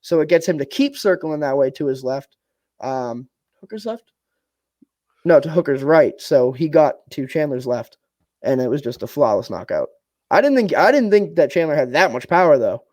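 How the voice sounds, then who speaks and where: A young man talking through a fight night in a relaxed, rambling way, cursing casually as he goes. His voice sits a little high for a man. The room adds no echo. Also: normal speed. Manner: rambling, laid-back, swears casually. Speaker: podcast co-host. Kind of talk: casual fight-talk chat.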